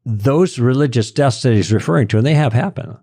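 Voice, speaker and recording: A man's voice: mid-range voice, expressive, a little fast, dark tone, no echo, studio quality. A man, a guest on a podcast, explaining his points in an emphatic, lecturing way with stressed key words. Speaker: podcast guest, Christian apologist. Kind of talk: conversational explaining.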